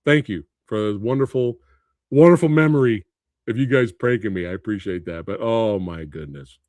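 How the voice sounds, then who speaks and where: A man hosting a casual livestream, reacting with laughter and loud exclamations, swearing freely. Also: lowish voice, moderate pace, no room sound. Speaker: movie review livestream host.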